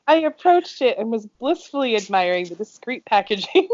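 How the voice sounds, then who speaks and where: A woman's voice: a little high, very animated, moderate pace, hardly any pauses, darkish tone, lo-fi sound. A woman with an American accent co-hosting a podcast, chatting casually and reading listener stories aloud, often breaking into giggles. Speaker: podcast co-host.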